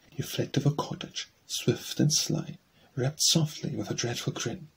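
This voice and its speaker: Man, audiobook narrator, rhythmic verse reading, gravelly, very husky. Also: medium pitch, fairly even intonation, unhurried, rough recording. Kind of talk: reading a narrative poem for children.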